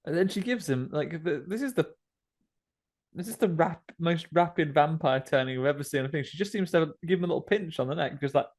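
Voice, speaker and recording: A man's voice: a little high, brisk, a little mellow. A British man co-hosting a podcast, recapping a film in a wry, slangy casual chat. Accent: British English. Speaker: podcast co-host.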